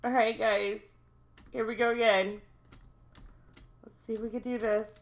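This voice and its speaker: Young woman, gaming host; excitable self-talk commentary, unhurried delivery. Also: on the high side, creaky. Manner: excitable, talks to herself, laughs often. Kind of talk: let's-play commentary.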